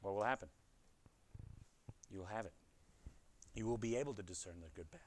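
A man's voice: on the low side, brisk, a little hiss or hum. A man preaching an expository sermon, earnest, pressing his point with rhetorical questions and speaking straight to his listeners. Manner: addresses listeners directly.

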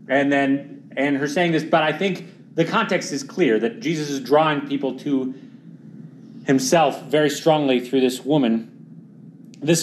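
Earnest male preacher, dramatic quiet drops. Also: mid-range voice, a little hiss or hum. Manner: earnest, swings between quiet dramatic drops and louder emphatic pushes. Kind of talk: sermon.

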